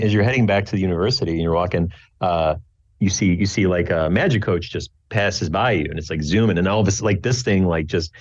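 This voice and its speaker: A man's voice: low voice, no echo. A man narrating a tabletop game as game master, rambling with many restarts. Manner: rambling, lots of fillers and restarts. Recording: dry, dull lo-fi sound.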